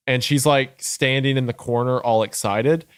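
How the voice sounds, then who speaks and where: A man's voice: mid-range voice, steady tone, normal speed, smooth, no echo. A young man co-hosting a podcast, thinking aloud in casual discussion with fillers and restarts. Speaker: podcast co-host.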